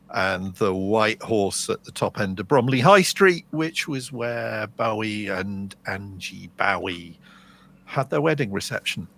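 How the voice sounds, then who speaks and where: Gravelly-voiced English man, chatty storyteller. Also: on the low side, a bit bright, slight background noise. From England. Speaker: podcast co-host. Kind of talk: casual chat.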